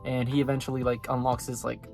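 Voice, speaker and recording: A man's voice: medium pitch, monotone, quick pace, gravelly, a little mellow, soft background music. Casting male anime reviewer, mid-range voice, loose chatty recap, laughs a lot. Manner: loose, filler-heavy, laughs often. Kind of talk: casual episode recap.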